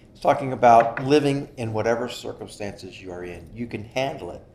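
A man preaching a sermon in an earnest style, stressing key phrases slowly. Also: mid-range voice, darkish tone, a little hiss or hum. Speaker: pastor. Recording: echoey room.

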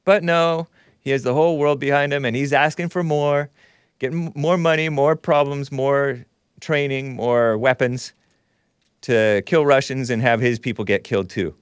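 A male host delivers an offhand commentary monologue with a dry, close sound. He reads news out loud and cuts in with sarcastic, mocking remarks, chuckling as he goes. His pitch sits in an ordinary middle range for a man. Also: steady tone, normal speed, smooth, dry recording. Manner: sarcastic, mocking asides, chuckles while reading.

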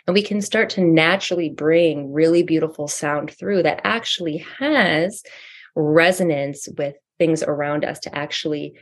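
A woman speaks as a podcast guest and voice coach. Her voice sits a bit low, and she talks in a slow, earnest, deliberate way. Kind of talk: casual spiritual chat.

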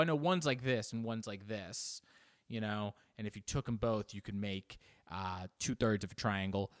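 A man's voice: dry recording, studio quality. A man hosting his own podcast, riffing in a rambling, self-mocking comedic monologue. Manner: self-mocking, digressive, jumpy in pitch. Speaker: podcast host.

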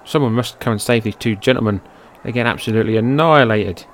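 Into a personal microphone with a little hiss or hum, an excitable man calls amateur wrestling play-by-play over old footage at a fast clip. He swings between low, offhand calling and loud, high-pitched shouting outbursts, swearing along the way.

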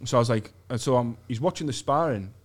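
A man from England, a guest on a podcast, tells crude, sweary stories in casual chat and acts out other people's lines. He has a medium-pitched voice and talks fast in the podcast studio.

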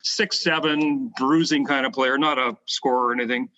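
Bright-voiced Canadian man telling animated stories. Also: medium pitch, normal speed, dull audio, slight background noise. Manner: animated storyteller, acts out quoted voices, frequent fillers. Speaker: podcast guest, former basketball player. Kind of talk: casual storytelling interview.

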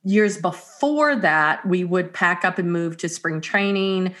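A woman's voice: lowish voice, slow, fairly bright tone. A woman in her fifties from North Carolina with a Southern accent, telling stories as a guest in a casual interview. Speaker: guest speaker and writer.

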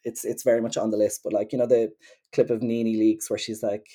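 Casual podcast co-host, woman, breathy edge, chatty and rambling. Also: extremely low pitch, flat delivery, a little fast, mellow. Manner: chatty, rambling, many fillers. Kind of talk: casual chat.

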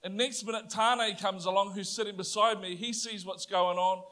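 A New Zealand man preaches a sermon, his voice sitting high for a man. He tells a story with animated, playful energy and climbs to loud, triumphant declarations. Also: normal speed.

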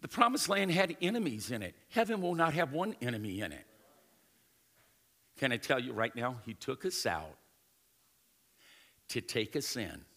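Middle-aged preacher in a reverberant hall. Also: male voice, very animated, moderate pace, pauses often. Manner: emphatic preaching, swinging between loud high declarations and hushed low asides; punctuates with catchphrases to the crowd. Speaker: pastor. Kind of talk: sermon. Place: large church sanctuary. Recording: long hall reverb with live band music. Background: band playing.

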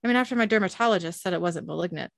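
A woman's voice: on the low side, racing, creaky, dry recording, studio quality. A woman voicing a nervous young man, a lawyer dressed as an orc, who pleads in a flustered way.

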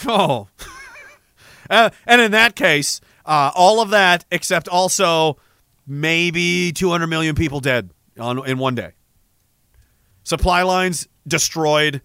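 A young man rants in a loose, profane monologue, restarting his sentences as he gets worked up. His voice is bright and fairly high for a man, and the recording is dry and close. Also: slow, clean tone, no echo. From Canada. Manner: profane, heated, rambling with frequent restarts. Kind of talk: ranting casual monologue.

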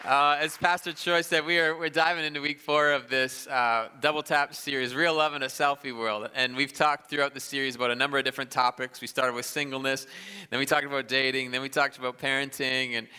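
A man in his thirties preaching a sermon in a large church, conversational and self-deprecating, with quick asides and restarts. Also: mid-range voice, level tone, pushed and bright, smooth, some chatter behind. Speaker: pastor. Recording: live church hall with long reverb.

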